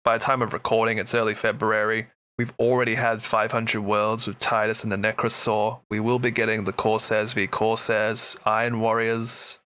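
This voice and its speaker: Excitable male co-host with a bright, forward voice; casual, jokey hobby chat. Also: mid-range voice, clean tone. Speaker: podcast co-host.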